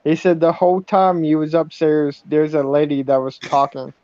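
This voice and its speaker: A man's voice: fairly high pitch, little pitch movement, moderate pace, dark tone, clean tone, no room sound. A man co-hosting a casual chat, hesitant and enthusiastic, often restarting his sentences. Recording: dull dry lo-fi sound.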